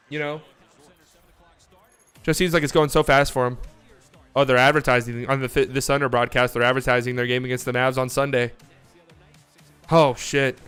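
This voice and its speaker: A man hosts a live watch party stream, giving casual play-by-play of the game that shifts between calm calls and excited, profane outbursts. His voice is smooth with a fairly high pitch.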